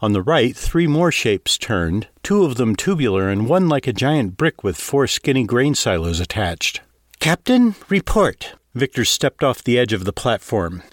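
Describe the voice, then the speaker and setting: A man narrating a novel with a lively, expressive lilt. He reads steadily into a close mic in a dry, dead room. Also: medium pitch, normal speed, few pauses, dry recording. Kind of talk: audiobook narration.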